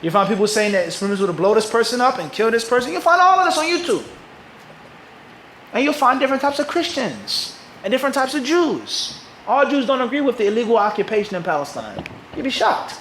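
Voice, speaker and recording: A man's voice: very high voice, very animated, fast talker, fairly bright tone, reverberant, slight background noise, low-quality recording. A man from Philadelphia with an American accent, teaching a live audience and often asking rhetorical questions before answering them himself. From Philadelphia, USA. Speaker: Islamic teacher.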